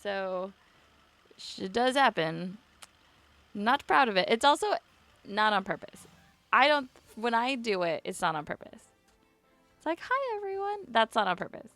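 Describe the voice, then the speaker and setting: A woman chatting to herself while she plays a video game, rambling and giggly, her voice climbing high when she gets nervous. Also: lively intonation, measured pace, fairly bright tone, no room sound, soft background music. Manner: rambling self-talk, giggly. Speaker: streamer. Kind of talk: casual gameplay commentary.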